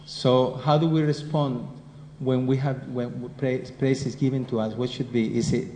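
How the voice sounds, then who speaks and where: A man's voice: mid-range voice, little pitch movement, normal speed, dark tone. A man with a Spanish accent giving a devotional class lecture, talking conversationally and often putting questions to his listeners. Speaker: scripture class teacher. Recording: roomy hall echo with faint noise.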